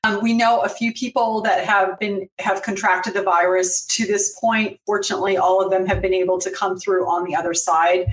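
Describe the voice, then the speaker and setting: Female interview guest, measured and gracious, far off the mic in a roomy room. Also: medium pitch, steady tone. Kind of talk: live-streamed interview.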